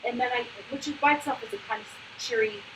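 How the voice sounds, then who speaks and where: Brisk, chatty woman trainer in an echoey room. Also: on the high side, fairly bright tone. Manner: brisk, chatty, full of "like" fillers. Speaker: trainer of autism program volunteers. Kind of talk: hands-on instructional coaching. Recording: echoey room, distant mic, background noise.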